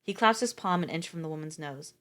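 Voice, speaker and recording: A woman's voice: low-pitched, fairly quick, a bit bright. A woman streamer reading a story aloud live, breaking off for casual, swearing asides.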